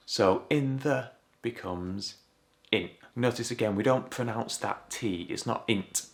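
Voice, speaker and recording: A man from Leeds with a Leeds Yorkshire accent, teaching an English lesson and acting out short local phrases as examples. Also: mid-range voice. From Leeds, England. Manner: explains slowly, acts out short Yorkshire phrases. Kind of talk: scripted language lesson.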